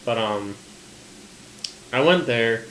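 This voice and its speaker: A man's voice: medium pitch, animated, takes it slowly, fairly bright tone. Man, casual podcast chat, dry wry stories, echoey room with faint noise. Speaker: podcast co-host.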